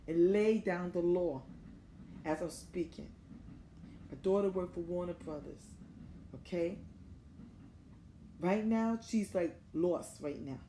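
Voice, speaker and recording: A woman's voice: lowish voice, creaky, warm tone, a little hiss or hum. A distressed middle-aged American woman making an urgent, repetitive appeal straight to camera as a grieving mother. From United States. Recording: roomy echo.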